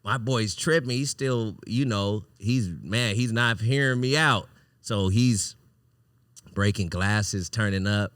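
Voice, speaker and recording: A man hosting a podcast, telling a wild personal story in a casual, animated, profane way, often breaking into laughter. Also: on the low side, takes it slowly, clean tone, dry recording, clean studio sound. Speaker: podcast host.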